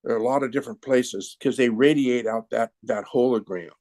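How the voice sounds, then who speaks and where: A man in conversation, a sound healer explaining symbols slowly and patiently while demonstrating with his hands. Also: medium pitch, darkish tone, dry recording. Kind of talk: conversational interview.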